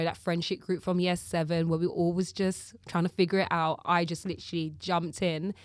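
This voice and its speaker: A woman's voice: fairly low pitch, dry recording. A young woman from Jamaica touched by speech, chatting as an interview guest, laughing often and acting out her stories. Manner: lively storyteller, laughs often, acts out quotes. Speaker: guest, live host and presenter. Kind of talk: casual interview chat.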